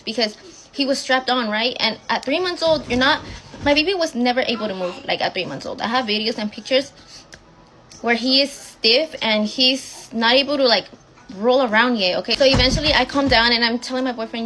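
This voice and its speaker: A young woman casually telling a personal story, blunt and swearing often as she rushes through the retelling. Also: on the high side, bright, forceful tone, low-quality recording.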